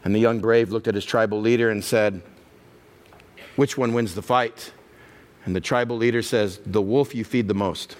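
A middle-aged male pastor preaching a sermon, acting out the inner voices he hears and building to a loud, passionate close. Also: lowish voice, fairly even intonation, moderate pace.

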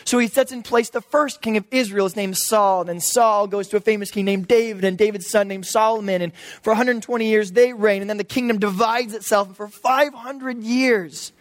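Joking, animated preacher in a dry room. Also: medium pitch, brisk, hardly any pauses, dry recording. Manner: animated, joking storyteller who acts out voices. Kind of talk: sermon. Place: church service.

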